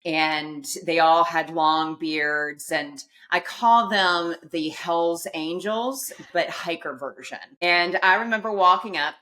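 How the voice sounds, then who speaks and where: A middle-aged woman speaks in a low register, taking her time as she tells a personal story. Her tone is bright and forceful. She acts out the quoted lines and laughs at herself along the way. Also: fairly even intonation, unhurried, few pauses. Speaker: podcast guest.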